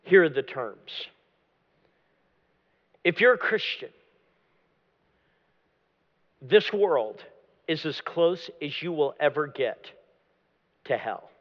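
A man preaching a dramatic sermon as pastor, often dropping to a low hush at the end of a phrase. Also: animated, slow, long pauses. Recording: long hall reverb, dull lo-fi sound.

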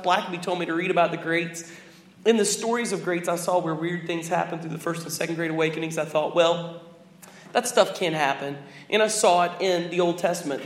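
A man preaching and telling a story in a lively, joking way, acting out voices. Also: sits high. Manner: animated, jokey, acts out voices. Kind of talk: sermon storytelling. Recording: echoey hall with faint room noise.

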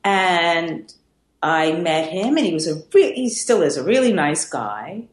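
A woman's voice: on the low side, measured pace. A middle-aged woman, an artist, telling stories in a casual interview and acting out other people's lines. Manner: animated, acts out voices in her stories. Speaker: artist guest. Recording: echoey room.

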